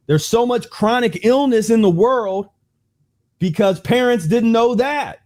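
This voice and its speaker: A man's voice: very high voice, a little slow, darkish tone. A man hosting a livestream health talk, speaking casually and conversationally, then turning preachy with a string of rhetorical questions. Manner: casual and conversational with frequent restarts. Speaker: host.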